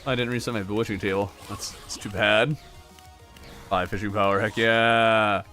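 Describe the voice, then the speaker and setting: A man with a sharp-toned, lowish voice keeps a steady delivery at a normal pace, with faint music behind him. He plays a video game while chatting with viewers, reacting aloud to the game and to chat and laughing frequently.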